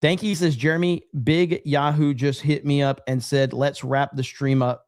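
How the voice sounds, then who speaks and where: A man's voice: fairly high pitch, flat delivery, moderate pace, hardly any pauses, a little mellow, no room sound, studio quality. A man hosting a livestream, casually reading viewer comments aloud in a loose, profane, rambling way full of fillers. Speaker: livestream host.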